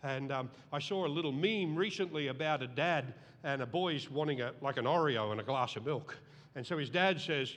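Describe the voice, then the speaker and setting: A middle-aged man preaching a sermon as pastor, animated and acting out voices in the story. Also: medium pitch, moderate pace. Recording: long reverb of a large hall.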